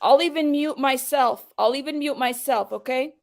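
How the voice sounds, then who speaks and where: A woman's voice: high-pitched, moderate pace. A woman hosting a livestream, heatedly confronting a viewer in her chat and pressing him to come on and explain himself. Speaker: livestream host.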